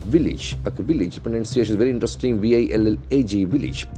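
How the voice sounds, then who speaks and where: Low-voiced trainer, methodical. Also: male voice, fast talker, dark tone, faint music behind. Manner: methodical, spells words out letter by letter, keeps calling words beautiful. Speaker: English language trainer. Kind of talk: lesson.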